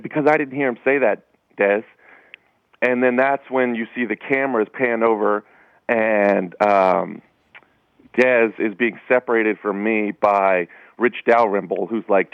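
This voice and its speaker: A sports writer, a man, telling a story in a casual, animated way as a guest on a radio interview. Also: lowish voice, clear, resonant tone, no room sound, phone-quality sound. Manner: casual, anecdotal, animated retelling.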